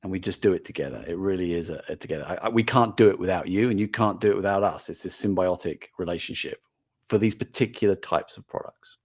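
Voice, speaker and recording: A man's voice: sits low, fast, slightly rough. An older man, talking casually and earnestly to viewers on a live stream as a toy brand manager, with frequent fillers and restarts.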